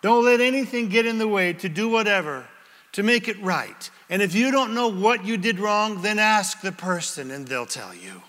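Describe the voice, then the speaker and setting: A man preaching a sermon as pastor to a congregation, animated and acting out little scenes in different voices. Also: sits high, moderate pace. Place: church sanctuary before a congregation. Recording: long reverb of a large hall.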